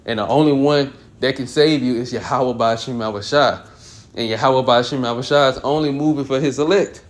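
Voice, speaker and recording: A man leading a casual Bible study, reading verses at a measured, deliberate pace. Between readings he drops into loose everyday slang to explain what they mean. His voice sits at an ordinary middle pitch. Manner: slow and deliberate when reading scripture. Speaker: Bible teacher. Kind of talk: casual scripture reading and commentary.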